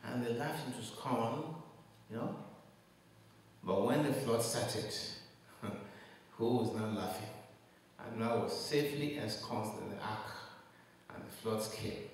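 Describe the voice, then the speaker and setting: A man's voice: mid-range voice, takes it slowly, pauses often. A man preaching a sermon as pastor, driving his points home with rising emphasis and rhetorical questions. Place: church hall. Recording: echoey hall, mic at a distance.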